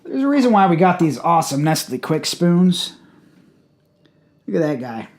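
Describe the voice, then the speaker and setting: A man casually reviewing a hot sauce on his channel, blunt and profane, with loud exclamations. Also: a little high, very animated, normal speed, background noise.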